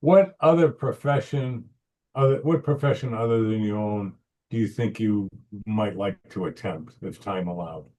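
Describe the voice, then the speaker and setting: A male host with a fairly low voice leads an interview. He is upbeat and affirming, keeping the questions brisk. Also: mellow. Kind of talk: interview hosting.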